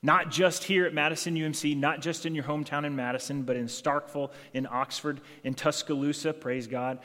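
A man's voice: on the high side, steady tone, a little fast, pushed and bright. A man preaching a sermon as pastor, earnest, acting out the voices in scripture stories. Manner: earnest, acts out dialogue in scripture passages. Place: church sanctuary. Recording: long church reverb.

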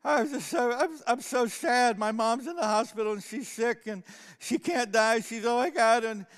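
A man's voice: extremely high pitch, normal speed, a bit bright, pitched above the performer's own voice. A man voicing a drunk, tearful grown man who pleads and slobbers his words. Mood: pleading, tearful. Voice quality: slurring, tearful.

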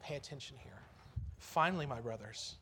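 A man's voice: medium pitch, animated, moderate pace, bright, forceful tone, a little hiss or hum. A man preaching a sermon in church, earnest and conversational, lifting his voice on key phrases.

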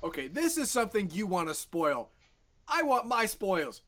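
A man's voice: high-pitched, big pitch swings, normal speed, fairly bright tone. A man co-hosting a casual movie chat who interrupts impatiently and jokes around. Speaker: co-host.

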